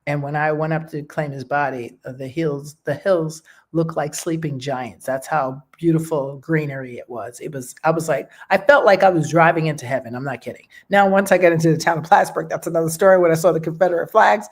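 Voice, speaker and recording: A woman's voice: low voice, fairly quick, hardly any pauses. A woman hosting a show, talking in a casual, heartfelt way and often checking in with "okay?" and "you know". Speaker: host.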